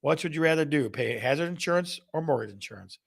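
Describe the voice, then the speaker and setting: His voice is fairly high, fast and gravelly, with lively intonation. The man hosts a live real estate stream, where he playfully throws questions at viewers, repeats them to the audience, and reads their answers aloud.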